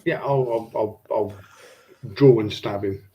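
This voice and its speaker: A man's voice: on the low side, measured pace, mellow. A man playing a tabletop game who stammers and restarts, on a dull, muffled recording. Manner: stammering, hesitant. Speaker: player. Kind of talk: casual tabletop game chat. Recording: dull, muffled mic with faint noise.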